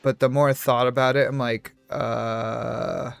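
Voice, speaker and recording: A man's voice: medium pitch, little pitch movement, fast talker, clear, resonant tone, soft background music. A young man chatting casually on a game livestream, rambling from one tangent to the next and poking fun at himself. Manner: rambling, tangent-hopping, self-deprecating. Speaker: streamer. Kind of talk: casual livestream chat while gaming.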